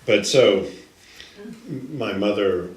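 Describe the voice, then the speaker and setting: Older man, slow halting storyteller. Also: on the low side, very animated. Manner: slow, halting, with frequent restarts. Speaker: guest storyteller. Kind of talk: recorded personal storytelling. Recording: echoey room, distant mic, faint ambience.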